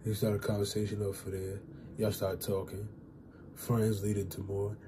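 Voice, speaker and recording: A man's voice: on the low side, monotone, moderate pace, noisy background. A young man talking to his channel in a loose, rambling way, full of fillers and casual swearing. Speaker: YouTuber giving dating advice.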